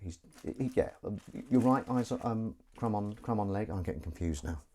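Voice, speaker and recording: A man's voice: on the low side, animated, moderate pace, warm tone. A man, an actor, chatting loosely and self-deprecatingly to live-stream viewers while he does the washing up in his kitchen. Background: faint running water and dish clatter.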